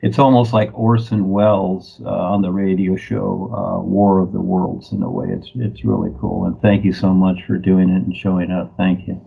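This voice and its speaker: A man with a gravelly, husky voice talks in a loose, rambling way. He chuckles easily as he wanders from one thought to the next in casual chat. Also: sits low, level tone, moderate pace, hardly any pauses, phone-quality sound.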